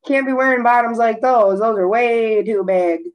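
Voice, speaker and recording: Animated young woman telling stories, high voice. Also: moderate pace, low-quality recording. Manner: rambling, animated storytelling with frequent swearing and laughter. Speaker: podcast co-host. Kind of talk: casual chat.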